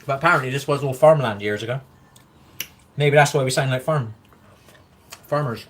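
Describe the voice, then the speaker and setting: A man's voice: mid-range voice, normal speed, noisy background. A man chatting casually on a livestream, answering viewer comments in a rambling, frank way, swearing freely and encouraging his viewers.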